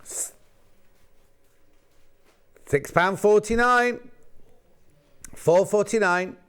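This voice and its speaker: This man hosts a live shopping broadcast from a TV studio, and his voice sits a little high for a man. He rambles cheerfully between bolts of fabric and reads each price aloud in a casual sales patter. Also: drawn-out words, fairly bright tone, clean tone. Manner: chatty and rambling, reading out prices between asides. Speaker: shopping channel presenter.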